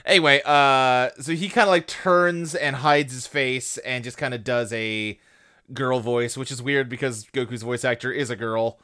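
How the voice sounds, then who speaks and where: A man's voice: medium pitch, steady tone, normal speed, pushed and bright, smooth. A man co-hosting a casual podcast, chatty and joking as he recaps, with lots of fillers. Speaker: podcast co-host.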